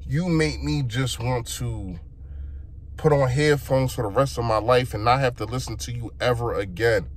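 A man's voice: medium pitch, normal speed, a little hiss or hum. A young man delivers a frustrated sports opinion rant and talks straight to his listeners. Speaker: sports fan vlogger.

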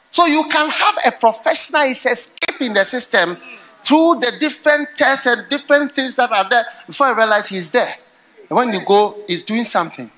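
Middle-aged male pastor, sermon delivery, animated storyteller with a sharp, high voice. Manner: animated storytelling that swings to loud laughing outbursts.

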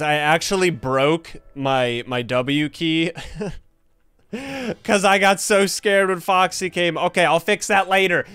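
A man's voice: sits high, a bit bright, clean tone. A young man hosting his gaming channel, giving jumpy, panicky commentary full of gasps and yelps as he plays. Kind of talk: excited gameplay commentary.

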